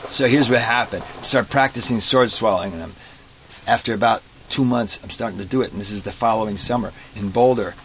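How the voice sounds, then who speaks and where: A man being interviewed about his life as a street performer, telling stories in a relaxed, casual way and acting out the people in them. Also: on the low side, a little fast, a little hiss or hum. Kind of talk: casual storytelling. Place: inside a parked vintage bus.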